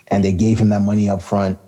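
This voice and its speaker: A man's voice: fairly low pitch, flat delivery, brisk, mellow. A man co-hosting a casual hip-hop podcast, talking in a laid-back, rambling way with lots of fillers and laughter. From Canada. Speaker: podcast co-host.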